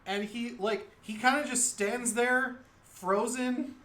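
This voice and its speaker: A man's voice: very high-pitched, fairly even intonation, takes it slowly, pushed and bright, roomy sound. A man narrating a tabletop game as game master, playful and rambling.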